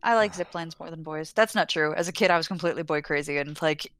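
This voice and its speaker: A woman's voice: low voice, fast talker, fairly bright tone, slight background noise. A young woman co-hosting a casual podcast chat in a wry, joking way. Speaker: podcast co-host.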